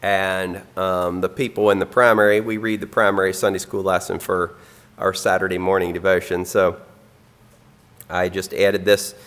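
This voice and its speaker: Earnest man preaching, slightly low voice. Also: little pitch movement, normal speed, fairly bright tone. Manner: earnest, plain-spoken, with frequent ums and throat clearing. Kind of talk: sermon.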